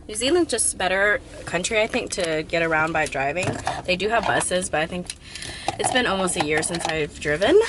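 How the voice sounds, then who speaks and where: A woman's voice: lowish voice, noisy background. A woman chatting to the camera as she drives and explores on a travel vlog, upbeat and self-narrating. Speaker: travel vlogger. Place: car and outdoors. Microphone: camera on dash and handheld.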